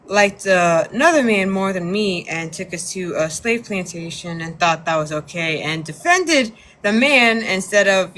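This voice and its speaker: Woman panelist, animated and fed up, mid pitch. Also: a little hiss or hum. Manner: animated storytelling, exasperated. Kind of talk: casual live discussion.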